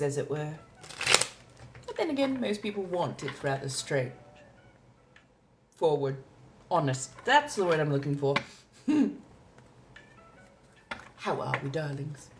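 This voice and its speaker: A woman from Southern California reading tarot on a live stream in casual chat, with a theatrical, drawn-out way of speaking and calling her viewers darlings. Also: fairly low pitch, noisy background. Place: home.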